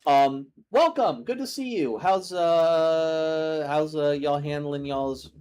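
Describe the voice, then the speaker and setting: A man's voice: on the high side, slow pace, darkish tone. A young man hosting a gaming stream, chatting casually and greeting viewers as he plays. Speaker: streamer host.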